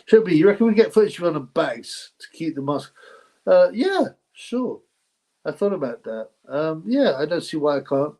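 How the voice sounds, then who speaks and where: A man's voice: a little high, big pitch swings, moderate pace, warm tone. Rambling man on a live stream. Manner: rambling, repeats phrases, effusively thanks donors. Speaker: livestream host reading donations. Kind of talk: casual live-stream chat.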